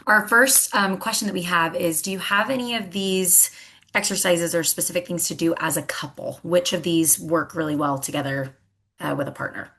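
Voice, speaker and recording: Female webinar host, bright lower voice, eager and appreciative. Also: normal speed, husky. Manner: enthusiastic, appreciative. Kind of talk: webinar Q&A moderating.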